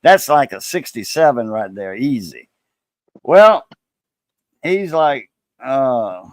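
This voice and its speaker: A man's voice: mid-range voice, slow pace, pauses often, no echo. A man with a Cajun Louisiana accent, hosting a casual coin-collecting live stream and animatedly telling stories, acting out other people's voices. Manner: animated storyteller, acts out quoted voices. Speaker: coin-collecting channel host.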